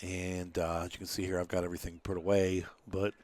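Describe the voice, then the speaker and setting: A man's voice: sits low, level tone, fairly quick, darkish tone. A man casually commenting on his farming game, rambling and thinking aloud with lots of fillers, sounding tired and yawning. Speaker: gameplay commentator. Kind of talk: casual let's-play commentary.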